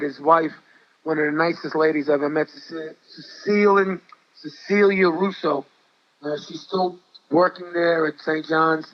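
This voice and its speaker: An older man with a New York accent telling stories in an interview, chatty and repeating himself. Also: on the high side. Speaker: guest, former ballplayer and coach. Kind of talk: interview storytelling. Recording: dull lo-fi audio.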